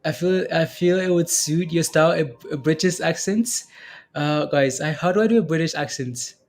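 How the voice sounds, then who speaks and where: A man's voice: on the high side, normal speed. Rambling man hosting a trading stream. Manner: rambling, reads viewer questions aloud, many fillers. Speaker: stock and crypto livestream host. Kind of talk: casual trading livestream chat.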